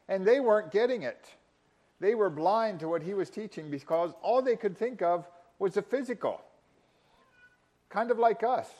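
A man preaching a sermon, emphatic, with dramatic pauses and rising intensity in quoted lines. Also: on the high side, a little mellow. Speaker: pastor.

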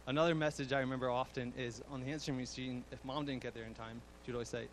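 A man's voice: mid-range voice, steady tone, quick pace, a little hiss or hum, poor audio. A young man giving a fond eulogy for his grandmother, chuckling often and using fillers. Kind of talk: eulogy speech.

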